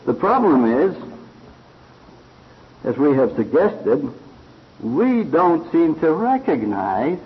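A man preaching a sermon slowly and earnestly, retelling a fable with quoted voices. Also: fairly high pitch, big pitch swings. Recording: dull lo-fi recording.

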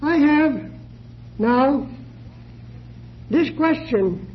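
A man preaching a sermon, measured and deliberate, posing questions to his listeners. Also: very high voice, expressive, highs cut off, slight background noise.

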